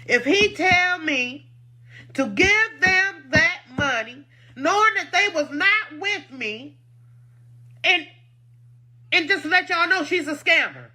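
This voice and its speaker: A woman's voice: very high voice, animated, slow pace, pauses often, pushed and bright. A woman who owns a food truck, defending herself in an emotional, indignant personal statement and repeating points for emphasis.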